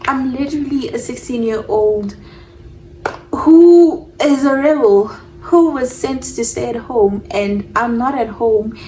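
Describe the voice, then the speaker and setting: A young woman telling a personal story on her vlog, animated and mixing English with Zulu phrases. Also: a little high, slow, distant mic, slight background noise, low-quality recording. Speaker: vlogger.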